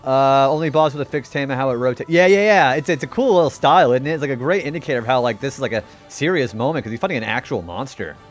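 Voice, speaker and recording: A man's voice: medium pitch, lively intonation, quick pace, few pauses, soft background music. A young man doing laid-back commentary on a game live stream, chatting with viewers and laughing often.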